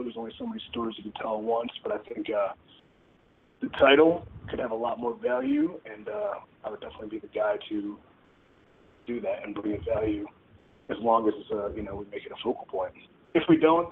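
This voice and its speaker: Gravelly-voiced wrestler on a phone line. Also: male voice, mid-range voice, very animated, fast. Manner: candid and wry, joking about himself. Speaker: pro wrestler on a media conference call. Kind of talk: answering reporters' questions on a call. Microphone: telephone. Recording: tinny phone line with faint noise.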